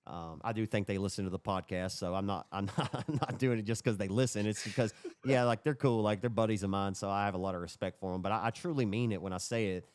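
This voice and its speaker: A young man co-hosting a racing podcast, telling stories in an excitable, swearing, casual chat. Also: lowish voice, fast talker, no room sound. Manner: excitable storyteller, drawls and swears. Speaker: podcast co-host.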